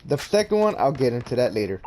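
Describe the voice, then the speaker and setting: A man's voice: medium pitch, big pitch swings, fast, crowd noise. A young man telling a casual story-time tale, rambling with many restarts and repeated words. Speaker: vlogger. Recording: noisy background.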